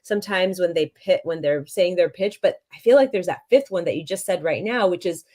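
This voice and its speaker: A woman's voice: on the low side, lively intonation, a little fast, mellow. A woman hosting a business podcast interview, talking casually with frequent restarts and fillers. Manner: chatty, many restarts and fillers. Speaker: podcast host.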